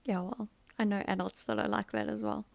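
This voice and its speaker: A woman's voice: mid-range voice, fairly even intonation, fairly quick, gravelly, a little mellow, no echo. A middle-aged woman, hosting a casual livestream chat, rambling and laughing with fillers. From South Africa. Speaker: livestream host.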